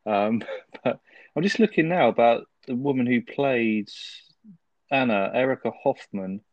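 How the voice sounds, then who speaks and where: A man's voice: mid-range voice, measured pace, dry recording, lo-fi sound. Man swearing in casual podcast chat. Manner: easygoing, laughing, swears freely. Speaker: podcast co-host.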